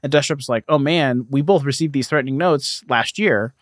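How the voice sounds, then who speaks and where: A man in his thirties, a podcast co-host, retelling an old pulp story in casual chat and slipping into quick voices for the characters. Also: medium pitch, no room sound, clean studio sound.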